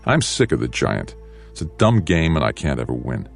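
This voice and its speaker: A man's voice: rumbling low, big pitch swings, moderate pace, vocal fry, slightly rough, faint music behind, exaggerated voice. A man voicing a frustrated young boy who grumbles to himself, in an audiobook reading. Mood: sulky.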